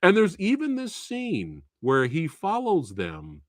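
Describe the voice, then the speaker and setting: A man hosting a live stream, talking about a film in an animated, profane way with frequent laughs. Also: fairly high pitch, slow pace, dry recording, studio quality. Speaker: movie reviewer and host. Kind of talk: casual live-stream movie talk.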